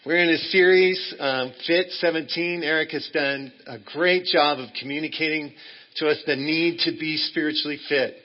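Male guest preacher, slightly high voice, loose and chatty, muffled lo-fi church recording. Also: fairly even intonation, moderate pace. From Texas. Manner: friendly, joking, loose and rambling. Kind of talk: sermon.

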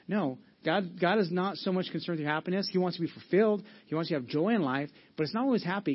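Male pastor, brisk and energetic, slightly high voice, muffled lo-fi church recording. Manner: energetic, conversational, frequent restarts. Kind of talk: sermon. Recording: dull lo-fi sermon audio.

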